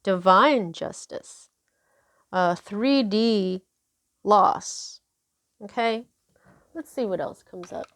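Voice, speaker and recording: A woman talks through a tarot spread at an unhurried pace, full of fillers and little asides. Her voice sits in a middling pitch. The recording is dry and close, with no room sound. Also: a bit bright, no room sound. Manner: chatty, unhurried, many fillers. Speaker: tarot reader. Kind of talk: casual tarot reading.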